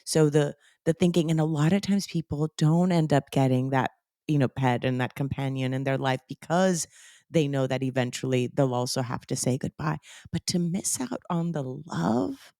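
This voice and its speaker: A woman podcast host talking openly about her own dogs, in halting, restarting sentences. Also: sits low, gravelly, warm tone, no echo, studio quality. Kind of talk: podcast interview conversation.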